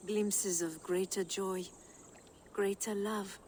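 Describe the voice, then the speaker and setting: A woman's voice: mid-range voice, fairly even intonation, takes it slowly, a little mellow, slight background noise, lightly acted. A woman with a French accent voicing a wistful Frankish noblewoman in a video game, speaking in a tender, dreamy way.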